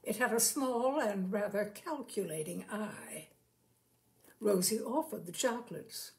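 Woman, storyteller, slow deliberate reading, mid pitch, literary narration. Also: lively intonation, vocal fry. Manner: slow, measured delivery, lifting her voice for quoted lines. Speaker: storyteller reading fiction aloud. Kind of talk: unhurried literary reading with acted dialogue.

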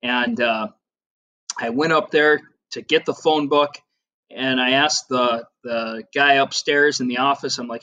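A man's voice: medium pitch, fairly even intonation, a little slow, bright, forceful tone, lo-fi sound. A man from the United States in his thirties, teaching a casual geography lesson with frequent fillers and personal stories. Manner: chatty, rambling, with filler words and personal anecdotes. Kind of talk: casual classroom video lesson.

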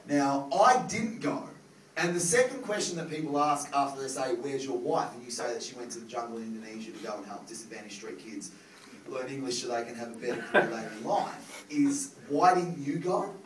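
A man in his thirties with an Australian accent doing a stand-up comedy set, loud and animated, swearing through his rants. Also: medium pitch, fairly quick. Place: comedy club stage with audience. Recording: roomy live venue, crowd, from far off.

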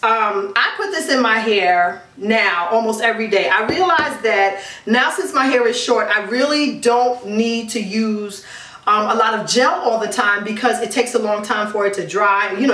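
A woman's voice: fairly high pitch, animated, normal speed, pushed and bright. A woman talking through her hair care routine in a casual review vlog, emphatic and chatty with many ums and repeats. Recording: echoey room, distant mic.

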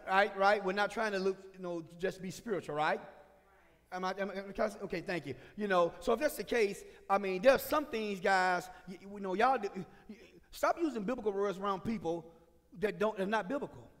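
A man preaching a sermon as pastor, swinging from shouted points to chatty asides with the congregation. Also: high-pitched, moderate pace. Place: church sanctuary. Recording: reverberant church sanctuary.

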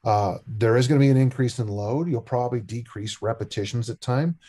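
Older man, husky voice, middle pitch, animated joking storyteller, podcast guest coach. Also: brisk. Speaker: strength coach and discus coach. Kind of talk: podcast interview.

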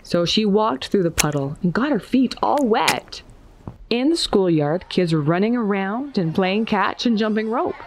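A woman reading a children's picture book aloud with an expressive, lilting storybook delivery. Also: medium pitch, measured pace, noisy background.

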